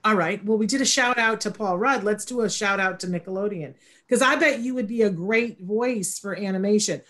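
A woman's voice: medium pitch, fairly quick, a bit bright. A woman hosting an interview casually, enthusiastic and full of praise for her guest. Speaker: interview host.

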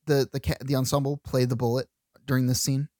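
A man's voice: mid-range voice, flat delivery, quick pace, warm tone, dry recording, clean studio sound. A man co-hosting a podcast, chatting about a stage musical with frequent restarts and awe. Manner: chatty, restarts often, awed. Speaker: podcast co-host. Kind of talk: casual theater discussion.

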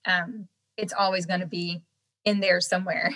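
A young woman with a softened Southern American accent, chatting casually as a guest and laughing often. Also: on the low side, flat delivery, moderate pace, rough recording. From Southern United States. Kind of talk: casual chat.

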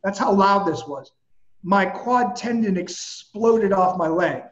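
A man's voice: sits high, slow, reverberant, highs cut off. A man, a personal trainer, animatedly recounting a personal story in casual talk and swearing now and then. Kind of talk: casual storytelling in a podcast chat.

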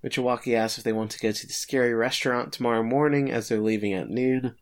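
A man's voice: medium pitch, steady tone, fast. A man co-hosting a podcast, casually recapping an episode with filler words and light chuckles. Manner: laid-back summarizing with filler words and chuckles.

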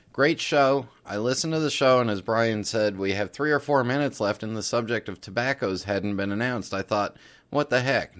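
A man's voice: fairly low pitch, fairly bright tone. A man hosting a podcast, casually reading listener letters aloud with the odd filler. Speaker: podcast host.

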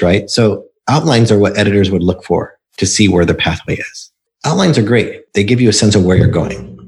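A man with a deep, low voice speaks in a relaxed interview. He is a book coach who explains his approach patiently and fills it with stories from his clients. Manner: explanatory storytelling with examples. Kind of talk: casual interview talk.

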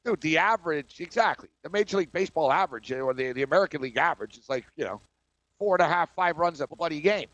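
A man's voice: on the high side, expressive, fast talker, a bit bright, no room sound, dull audio. A man co-hosting a sports radio show, ranting bluntly and sounding exasperated. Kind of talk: casual sports talk.

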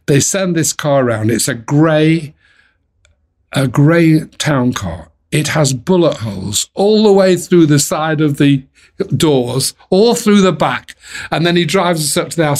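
A man's voice: a little high, normal speed. An older man, a former music manager, telling chatty anecdotes in an interview, with frequent restarts. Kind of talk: storytelling in an interview.

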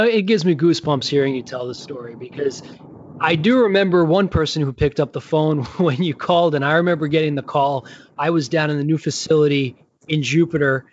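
A man hosting a podcast, interviewing a guest in an earnest, reflective way. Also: a little high. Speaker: podcast host, former rehab coordinator. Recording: dull lo-fi audio.

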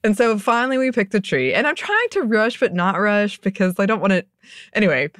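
A woman's voice: medium pitch, expressive, fairly quick, a bit bright, no room sound, clean studio sound. A woman co-hosting a podcast, telling a story in a casual chat, laughing often. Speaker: podcast co-host.

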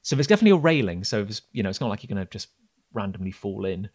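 A man narrating a tabletop game as game master, describing scenes haltingly with many fillers. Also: on the low side, big pitch swings, darkish tone, husky. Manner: hesitant, filler-heavy describing.

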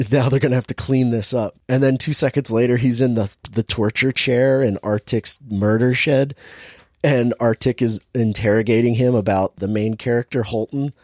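A man's voice: medium pitch, moderate pace, dry recording, clean studio sound. A man in a casual chat, retelling a movie plot with lots of laughter and acted-out quotes. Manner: animated storyteller, laughs often, acts out quotes.

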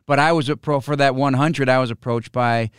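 A man hosting a sports podcast and interviewing a guest, speaking in a measured broadcaster's way with frequent fillers. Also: mid-range voice, steady tone, clear, resonant tone, no echo, clean studio sound.

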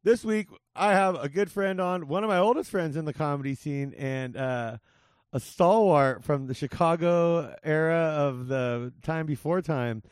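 Higher-voiced man hosting a chatty podcast. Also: unhurried, a little mellow, clear, resonant tone, dry recording, studio quality. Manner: loose, rambling, lots of fillers and laughs. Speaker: podcast host. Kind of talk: casual podcast chat.

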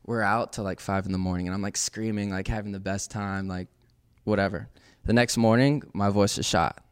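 Smooth-voiced young man telling stories. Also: lowish voice, fairly quick. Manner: animated, heavy use of "like", laughs often. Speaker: podcast guest. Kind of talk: casual storytelling.

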